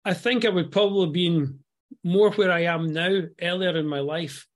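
A man's voice: high voice, moderate pace. A Scottish man in his fifties, a guest entrepreneur on a podcast, speaking earnestly and often repeating words as he starts a thought. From Scotland. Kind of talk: podcast interview.

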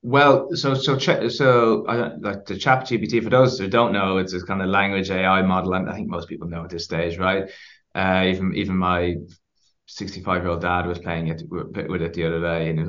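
A man being interviewed as a podcast guest, telling stories in an animated way with many restarts. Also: deep voice, brisk, highs cut off. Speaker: podcast guest, company founder. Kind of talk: casual interview chat.

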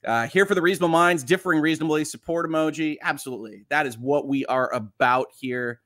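A man's voice: on the high side, fast talker. A man hosting a livestream, reading viewer comments aloud with a reassuring, joking manner. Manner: reassuring, joking, lively swings in loudness. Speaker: livestream host.

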